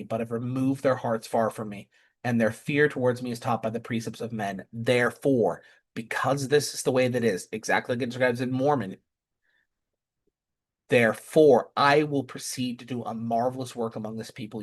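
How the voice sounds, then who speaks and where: A man giving impassioned scripture commentary, emphatic and repeating rhetorical questions. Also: mid-range voice. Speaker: scripture teacher.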